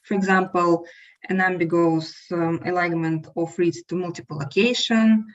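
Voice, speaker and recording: A woman's voice: lowish voice, fairly even intonation, normal speed. A woman instructor giving a prepared lecture over a remote call, reading steadily with small fillers. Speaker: instructor and invited speaker. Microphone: remote call without camera. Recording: muffled lo-fi call audio.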